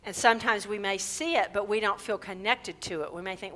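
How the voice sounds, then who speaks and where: A woman minister giving a conversational sermon at a church service. She keeps checking in with listeners with "right?" and leads slow, drawn-out group affirmations. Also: mid-range voice, sharp tone.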